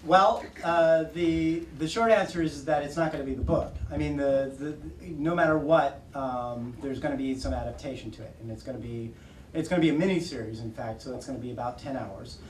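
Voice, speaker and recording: Man, author, bookstore talk, animated, laughing, roomy, distant mic. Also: medium pitch, fairly quick, a little hiss or hum. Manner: animated, laughing often, acting out quotes. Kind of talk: casual storytelling to an audience. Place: bookstore event room. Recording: roomy audio from far off.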